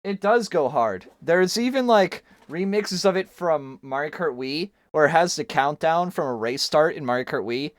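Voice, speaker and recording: Drawing on a home stream, a young man chats loosely with a lively, high-pitched voice, keeping a moderate pace with hardly any pauses. He jokes around and mocks himself, and the recording has no room sound.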